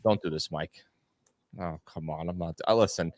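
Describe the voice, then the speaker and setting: A man as a guest superfan on a casual podcast, talking in animated, excitable bursts with lots of repeats. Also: sits low, moderate pace, no echo.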